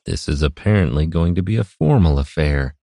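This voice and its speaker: Man playing a measured knight commander, wry, deep low voice, dry sound. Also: lively intonation, creaky, mellow, dry recording, heavily acted.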